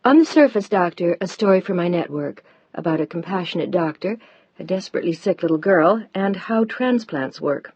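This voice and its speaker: A woman voicing an eager, curious female TV reporter in an audiobook, brisk and persuasive. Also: on the low side, animated, darkish tone, husky, no room sound. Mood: earnest. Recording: dull dry audiobook recording.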